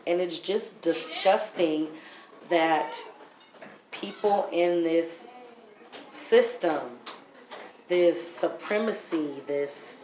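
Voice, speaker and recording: A woman's voice: on the low side, very slow, long pauses, a little mellow. A woman vlogger telling her story in a blunt, heated, profane way. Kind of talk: storytime vlog. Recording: roomy echo, faint background noise.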